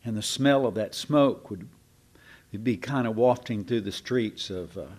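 A man teaching the Bible in a relaxed, conversational way, musing aloud and leaning hard on key words. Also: lowish voice, unhurried.

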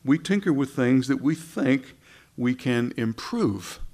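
A man's voice: medium pitch, lively intonation, slow pace, a little mellow. A man preaching a sermon in a conversational way, with asides and rhetorical questions.

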